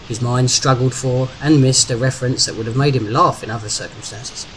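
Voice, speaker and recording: A man narrates in a steady, even reading voice at a middle pitch. A constant noisy hiss sits under the recording. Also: fairly quick, few pauses. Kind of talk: audiobook narration.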